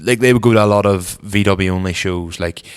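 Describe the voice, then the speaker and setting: A young man with a Northern Irish accent co-hosting a casual car podcast, rambling in a relaxed way, trailing off softly, and feeling cold. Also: low-pitched, fairly quick, smooth. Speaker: podcast co-host. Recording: long reverb.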